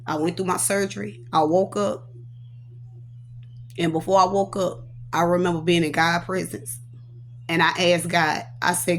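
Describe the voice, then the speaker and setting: A woman's voice: on the low side, little pitch movement, moderate pace, long pauses, slight background noise. A woman, a prophetess, telling her personal testimony with earnest emotion, recounting it through quoted dialogue.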